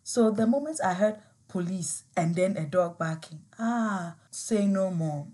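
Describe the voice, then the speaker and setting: A young woman with a Ghanaian accent tells a personal story. She speaks with animated emotion and laughs often as she talks. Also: mid-range voice, a little slow. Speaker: vlogger.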